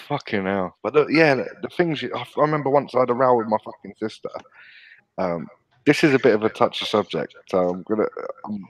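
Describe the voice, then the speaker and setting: A man with a low voice tells childhood stories in casual chat, swearing constantly and laughing along. His voice sounds dry and close, with no room echo. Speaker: podcast co-host. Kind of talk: casual storytelling.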